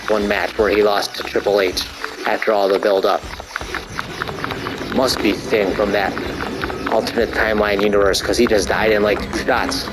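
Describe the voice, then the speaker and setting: A man casually commentating his gameplay, rambling and joking with crude swearing and excited outbursts while stretching. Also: fairly low pitch, poor audio. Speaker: gamer commentating his play. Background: arcade game music.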